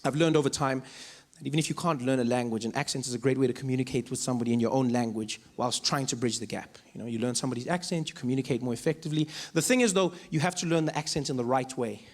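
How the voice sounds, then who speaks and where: A man with a South African accent, performing animated stand-up storytelling and switching between voices. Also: mid-range voice, rapid-fire, few pauses. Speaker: stand-up comedian. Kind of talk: stand-up comedy. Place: live comedy venue.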